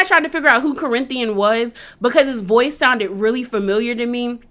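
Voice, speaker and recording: A woman's voice: fairly high pitch, brisk, bright, forceful tone. A woman reviewer casually recapping a TV episode, rambling with plenty of "like" and fillers. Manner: rambling, heavy use of "like" and fillers. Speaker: TV show reviewer.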